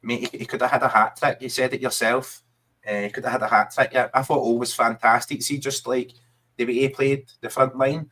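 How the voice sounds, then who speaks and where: A man's voice: medium pitch, steady tone, fairly quick, fairly bright tone. A man with a Scottish accent, co-hosting a podcast and chatting casually about football and often saying "mate". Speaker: podcast co-host.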